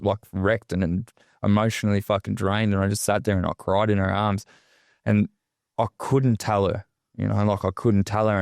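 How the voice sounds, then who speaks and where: Deep-voiced Australian man, raw and halting. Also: vocal fry, a little mellow, no echo, studio quality. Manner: raw, halting, heavy swearing. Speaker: podcast guest. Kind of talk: emotional personal testimony.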